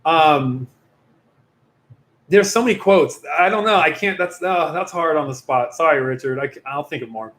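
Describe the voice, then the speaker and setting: A man's voice: a little high, moderate pace, fairly bright tone. A man hosting a casual youth Q&A livestream as a youth pastor, rambling and chatty, often breaking off mid-sentence. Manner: rambling, chatty, self-interrupting. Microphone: computer or phone mic on a video stream. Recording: echoey room.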